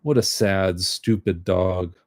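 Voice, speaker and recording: A man's voice: deep voice, steady tone, slow pace, a little mellow, no room sound, clean studio sound. A man reading the lines of an irritable, weary father in a story, terse and exasperated.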